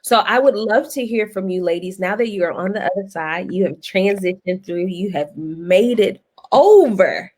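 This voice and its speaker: A woman guest host in casual panel talk, an animated storyteller with a folksy lilt. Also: mid-range voice, moderate pace, few pauses. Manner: animated storyteller, laughs often, folksy phrasing.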